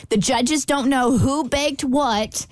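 A woman's voice: sits high, no room sound, studio quality. Woman co-host explaining eagerly. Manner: explaining in detail, quick to laugh. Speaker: radio show co-host. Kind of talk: casual morning radio banter.

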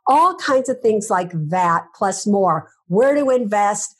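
A woman speaking as a guest author in an interview, her voice soft and breathy. She talks emphatically, stressing points with rhetorical questions and repeating herself as she goes. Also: medium pitch, animated, slow. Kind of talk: interview answers.

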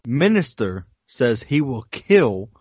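A man's voice: mid-range voice, very animated, takes it slowly, darkish tone, slightly rough, no room sound, muffled recording. A man co-hosting a podcast in casual banter, joking and laughing as he reads from a list. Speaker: podcast co-host.

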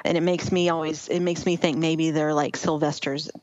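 A woman talking through a book on a podcast, thoughtful and keen as she explains. Her voice is on the low side for a woman. The sound is a bit dull and dry, as if the top end were trimmed. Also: flat delivery, moderate pace, a little mellow, no room sound. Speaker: podcast co-host. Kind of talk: casual book chat.

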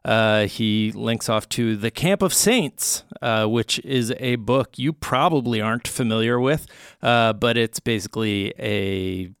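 A man in his thirties co-hosting a casual news podcast, laying out each topic at an easy pace with plenty of "uh" pauses. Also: lowish voice, clean tone, no room sound, studio quality. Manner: relaxed, lays out topics with frequent "uh" pauses. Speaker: podcast co-host.

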